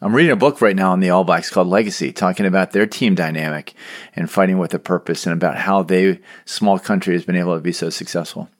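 A man's voice: deep voice, quick pace. A man hosting a podcast, asking long, thoughtful, probing questions. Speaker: podcast host. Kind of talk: interview questions.

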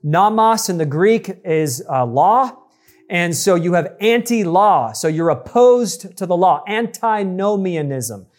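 A man's voice: sits high, lively intonation, takes it slowly. A man preaching an expository sermon, teaching emphatically and addressing the congregation directly. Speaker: pastor.

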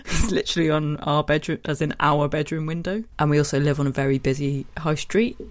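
A woman co-hosting a podcast, telling stories in a giggly, animated way. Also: sits low, brisk. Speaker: podcast co-host reading listener questions. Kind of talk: casual podcast chat.

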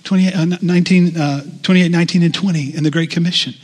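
A man's voice: fairly high pitch, fairly even intonation, fast talker, darkish tone, big-room sound. A male pastor preaching a sermon in a conversational way, often asking the congregation questions.

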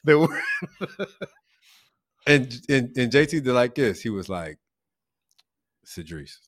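Podcast host, man, Louisville Kentucky accent, laughs through his storytelling, lively pitch. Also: unhurried, dry recording, clean studio sound. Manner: animated storytelling, laughs a lot. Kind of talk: casual chat.

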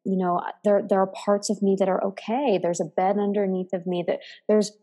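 A woman's voice: mid-range voice, little pitch movement, brisk, warm tone, in a large hall. A woman co-hosting a podcast in casual, reflective chat, often laughing. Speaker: podcast co-host.

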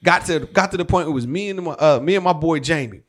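Male actor guest, high-pitched, animated and slangy storyteller. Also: quick pace. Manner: animated, slangy, swears freely. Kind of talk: casual storytelling.

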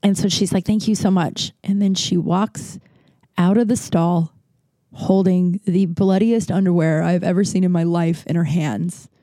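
A woman in her thirties telling a personal story on her podcast, rambling and animated, full of fillers and restarts. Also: fairly low pitch, unhurried, dry recording, studio quality. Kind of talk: casual storytelling monologue.

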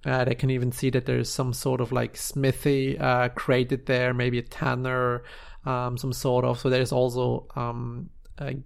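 A man narrating a tabletop game scene as game master, halting and searching for words with many restarts. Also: mid-range voice, completely flat delivery, gravelly.

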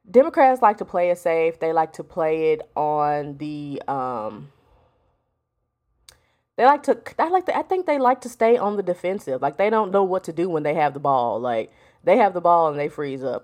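A woman's voice: deep voice, a little mellow. Blunt, profane woman podcast host. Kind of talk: casual solo commentary. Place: home, with a storm outside.

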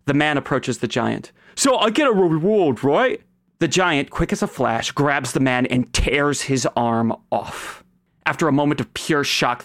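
A man's voice: mid-range voice, gravelly, no room sound, clean studio sound. A man running a tabletop game, narrating the scene dramatically for the players. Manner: dramatic storytelling, dropping to whispers. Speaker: game master.

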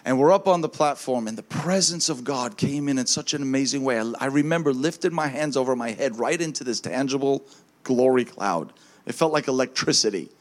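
A man preaching as a minister, telling a lively testimony story and acting out the voices of the people in it, often with a laugh. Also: mid-range voice, fairly quick. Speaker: traveling minister.

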